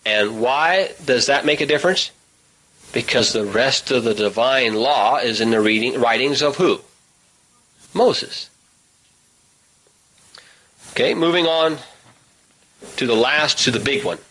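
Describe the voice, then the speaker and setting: A man leading a Bible study, reading scripture aloud and asking his listeners rhetorical questions in a hurried delivery. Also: mid-range voice, pushed and bright, low-quality recording. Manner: hurried, says he must talk rapidly. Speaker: Bible teacher.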